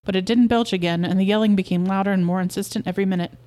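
A woman hosting a podcast reads a short story aloud. Her narration is steady and even, at a middling pitch. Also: very fast. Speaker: podcast host reading a story.

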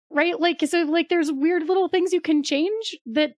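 A woman's voice: very high voice, steady tone, a little slow, hardly any pauses, dry recording, clean studio sound. A young woman co-hosting a podcast, chatting casually with lots of likes and rights and easy laughs. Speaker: podcast co-host. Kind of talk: casual chat.

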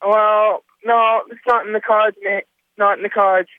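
Guest caller, man, relaxed rambling talk, dull phone sound, high-ish voice. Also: unhurried, no echo. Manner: laid-back, rambling with fillers. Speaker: racer calling in as guest. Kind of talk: casual phone-in chat. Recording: muffled phone line.

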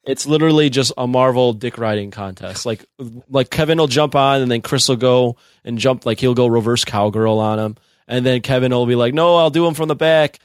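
A man's voice: mid-range voice, steady tone, a little fast, few pauses, no echo, studio quality. Crude, joking podcast co-host man. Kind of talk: casual podcast chat.

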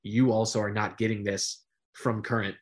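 A middle-aged man, a sportscaster guest, telling stories in a casual interview, animated and full of fillers. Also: fairly low pitch, normal speed. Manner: animated storyteller with many fillers.

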